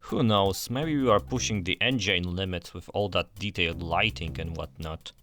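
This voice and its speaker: A man's voice: sits low, normal speed, a bit bright. A young man narrating a scripted game review voice-over in an enthusiastic, conversational way.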